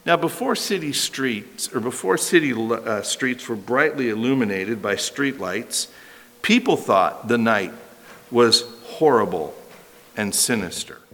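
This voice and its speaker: Man preaching a sermon, bright tone, lively swinging pitch, long hall reverb. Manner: emphatic, repeats key phrases for stress. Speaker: pastor. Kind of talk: expository sermon.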